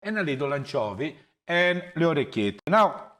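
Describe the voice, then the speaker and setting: Middle-aged Italian man, host of a home cooking show; high-pitched, animated, speaks English with a strong accent. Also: normal speed, over loud music. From Italy. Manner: animated, laughing, mixes Italian words into broken English. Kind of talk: casual cooking chat. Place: home kitchen.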